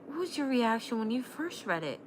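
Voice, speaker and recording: A woman reading aloud from a novel, voicing a quiet, earnest young woman who speaks seriously. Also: on the high side, sing-song, a little fast, noisy background, pitched above the performer's own voice.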